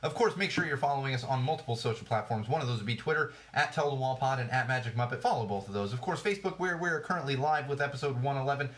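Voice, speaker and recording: A man's voice: mid-range voice, quick pace, hardly any pauses, fairly bright tone. Sarcastic, rambling male podcast host. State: tired. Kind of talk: casual live-stream podcast chat.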